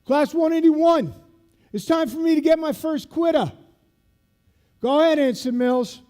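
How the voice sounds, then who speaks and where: A loud, gruff drill instructor with a thick South Boston accent barks orders as if through a megaphone, as a keynote speaker puts him on. The voice jumps high and pushes hard, with every command clipped and forceful. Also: male voice, unhurried. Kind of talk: storytelling impression in a keynote.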